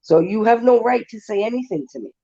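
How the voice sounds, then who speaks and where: A woman's voice: fairly high pitch, animated, quick pace, gravelly, mellow, dull audio. A woman hosting a casual livestream chat. She talks bluntly and emotionally and swears freely. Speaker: livestream panel host.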